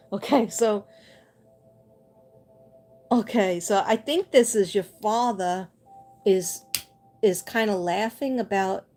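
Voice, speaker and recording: Mellow-voiced woman giving gentle psychic readings. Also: mid-range voice, slow pace, pauses often, faint music behind. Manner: gentle, reassuring, relays messages with repetition. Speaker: psychic medium. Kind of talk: livestream spirit reading.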